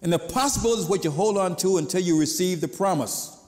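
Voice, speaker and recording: Preaching a sermon, this male pastor keeps things easy and conversational, his somewhat high voice echoing with a long church reverb. He speaks fairly quickly with a slightly mellow tone, occasionally imitating the people he quotes.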